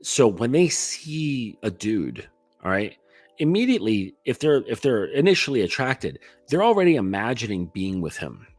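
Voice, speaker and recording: A man's voice: mid-range voice, big pitch swings, moderate pace, a little mellow, no room sound, soft background music. A man coaching other men on dating in a blunt, profane, casual monologue, padded with lots of "like". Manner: blunt, profane, heavy use of "like".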